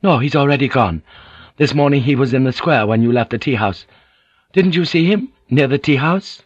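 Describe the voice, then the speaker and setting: A man's voice: medium pitch, moderate pace, husky, no echo, pitched above the performer's own voice, lightly acted. A man voicing a tense, stern male samurai officer who speaks in a clipped, insistent way. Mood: sharp. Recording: dull lo-fi audiobook recording.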